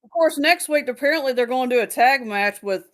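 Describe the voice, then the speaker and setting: Higher-voiced woman co-hosting a chat. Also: animated, a bit bright. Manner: chatty, quick reactions and laughs. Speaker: co-host. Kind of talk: casual chat.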